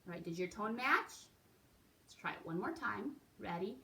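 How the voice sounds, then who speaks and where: A woman's voice: medium pitch, animated, normal speed, vocal fry, very noisy. A woman teaching a beginner recorder lesson, patient and encouraging, often checking in with "right?" and "okay?". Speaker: music teacher.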